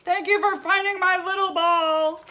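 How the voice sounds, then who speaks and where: A woman voicing a big, lonely creature from a picture book who wants someone to play with, speaking in a loud, declaring way. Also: very high voice, steady tone, measured pace, pitched above the performer's own voice, exaggerated voice. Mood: earnest.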